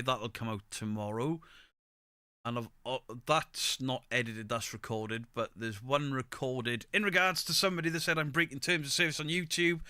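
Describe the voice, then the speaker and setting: A man's voice: medium pitch, pushed and bright, clear, resonant tone, no room sound. A middle-aged man, chatting casually on a live stream, greeting viewers by name and swearing freely. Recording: close mic, dry room.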